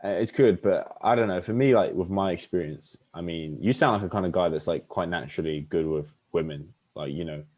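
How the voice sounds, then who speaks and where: A man's voice: low voice, brisk, hardly any pauses, darkish tone, highs cut off. A young man chatting casually on a podcast, rambling with lots of fillers and restarts. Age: young adult. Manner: rambling, many fillers and restarts, acts out pickup lines. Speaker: podcast host. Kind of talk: casual chat.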